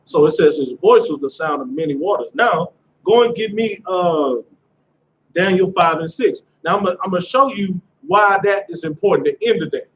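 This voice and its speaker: A man's voice: high-pitched, moderate pace, a bit bright, a little hiss or hum, poor audio. A man teaching a scripture class in a casual lecturing manner, often checking "you understand?".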